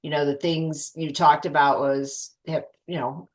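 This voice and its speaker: A woman's voice: sits low, level tone, unhurried. A woman hosting a podcast, thoughtfully summing up her guest's points before asking questions. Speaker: podcast host. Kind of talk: casual interview questions.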